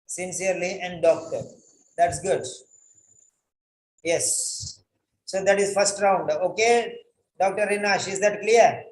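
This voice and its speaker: A man's voice: high voice, takes it slowly, pauses often, roomy sound, poor audio. A man tutoring a student on a written letter, correcting it line by line, repeating phrases and spelling words out. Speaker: writing tutor.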